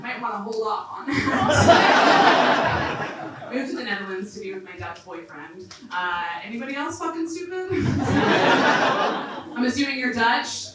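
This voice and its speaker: Canadian woman, stand-up comic, dry self-mocking asides, echoey club room, distant mic, loud background noise. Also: a little high, expressive, unhurried. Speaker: stand-up comedian. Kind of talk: stand-up comedy set. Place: comedy club stage.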